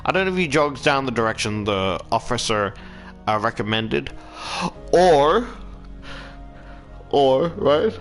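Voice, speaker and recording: A man retells a horror story in a loose, rambling way, stumbling over his words and swearing as he goes. His voice sits at an ordinary pitch, with soft music playing behind him. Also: very animated, slow, long pauses. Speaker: reader summarizing a horror book. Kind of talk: casual book recap and commentary.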